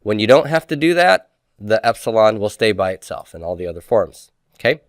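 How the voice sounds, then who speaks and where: A man with a low, smooth voice teaches a lesson. He asks his class questions, answers them himself and drills word forms aloud, recorded dry and close with no room sound. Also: big pitch swings, a little fast, no room sound. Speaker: Greek teacher. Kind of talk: recorded lecture.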